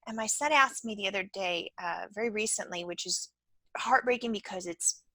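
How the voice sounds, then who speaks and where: Woman host, bright crisp voice, dry close sound, casual storytelling. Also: mid-range voice, moderate pace, no room sound, rough recording. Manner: storytelling, acts out quotes with playful voices. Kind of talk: casual interview chat.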